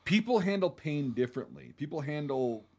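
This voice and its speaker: A man hosting a casual podcast discussion, blunt and animated, swearing freely as he talks through a film. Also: on the high side, moderate pace, gravelly. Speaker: podcast host.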